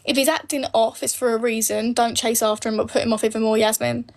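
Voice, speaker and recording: A woman's voice: a little high, steady tone, quick pace, creaky, a little mellow. A woman in her late twenties, bluntly answering viewer comments on a live stream, swearing freely and speaking her mind. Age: late 20s. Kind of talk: casual live Q&A.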